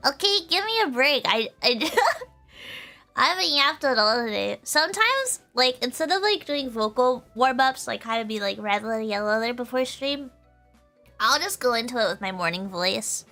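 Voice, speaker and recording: A woman streamer chatting casually with her viewers in a high, girlish voice, giggling often and filling her talk with "like". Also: animated, moderate pace, pushed and bright, faint music behind. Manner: giggly, laughs often, full of "like" fillers.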